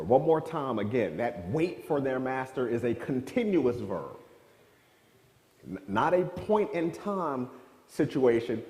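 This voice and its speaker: Male Bible class leader, questioning manner, dark tone, recorded in a reverberant church room. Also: mid-range voice, lively intonation, a little slow. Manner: questioning, draws on the class, restarts phrases. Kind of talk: interactive Bible class teaching.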